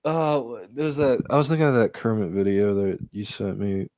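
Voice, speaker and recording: A man's voice: lowish voice, lively intonation, moderate pace, a little mellow, dry recording, clean studio sound. A young man co-hosting a casual film review chat, laid-back, mostly agreeing and recapping scenes. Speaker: podcast co-host.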